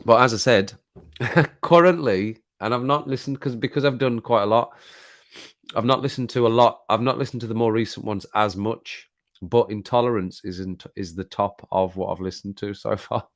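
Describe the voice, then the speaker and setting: Chatty British man, low voice. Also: normal speed. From Britain. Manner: chatty, rambling, laughs often, repeats himself. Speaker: YouTube channel host. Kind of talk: casual live-stream chat. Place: home, sitting at desk.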